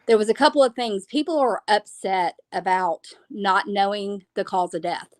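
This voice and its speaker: A woman's voice: mid-range voice, moderate pace, no echo. A woman calling in to a live show, friendly and using fillers. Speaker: caller. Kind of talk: call-in chat.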